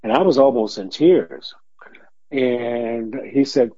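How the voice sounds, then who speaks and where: Older man telling stories, dark husky voice. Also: medium pitch, slow, no echo. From Detroit, USA. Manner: animated storyteller who acts out quoted voices and laughs often. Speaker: interview guest, former police officer. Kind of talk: storytelling in an interview. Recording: dull lo-fi recording.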